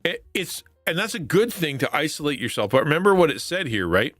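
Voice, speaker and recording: A man's voice: on the high side, big pitch swings, fast talker, few pauses, fairly bright tone, dry recording, studio quality, soft background music. A man hosting a live stream, talking through a psalm in an earnest, conversational way with frequent restarts and rhetorical questions. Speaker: Christian streamer and devotional host. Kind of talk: casual devotional chat on a stream.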